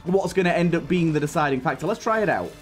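Faint game music plays as this young gaming host tells a meandering childhood story, interrupted by irritated outbursts over how his run is going. He talks fast, with a higher-than-average voice and lively intonation.

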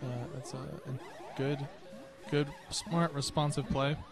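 A man's voice: mid-range voice, little pitch movement, takes it slowly, music in the background. A young man doing casual, dry, joking commentary on a video game tournament. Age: young adult.

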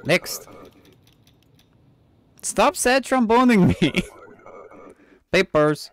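A man's voice: mid-range voice, very animated, slow, pauses often, dry recording. A man streaming a game, joking in a mock-official inspector voice with a put-on accent and swearing. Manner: puts on a mock foreign accent. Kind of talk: comedic let's play commentary.

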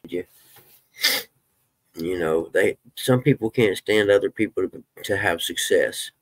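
A man's voice: low voice, unhurried, no room sound. A man casually chatting with viewers on a live stream, folksy, and swearing when he gets fired up.

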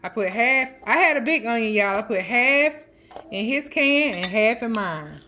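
A woman chatting casually as a home cooking vlogger, counting her seasoning shakes out loud and joking with family off camera. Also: on the high side, animated, normal speed, background noise. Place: home kitchen. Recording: kitchen clatter of dishes and utensils.

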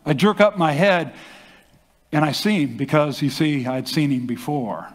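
An older man, a pastor, telling a story in a sermon with animated delivery and acted-out quotes. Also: a little high, normal speed. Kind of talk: sermon testimony. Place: church hall. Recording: long hall reverb.

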